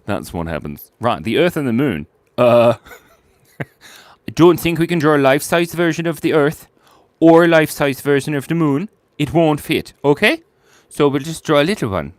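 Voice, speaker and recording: A man's voice: sing-song, moderate pace, long pauses, dry recording. A man streaming live as he draws viewers' requests, playful and giggly, reading chat messages aloud. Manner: swoops from squeaky highs to low mumbles.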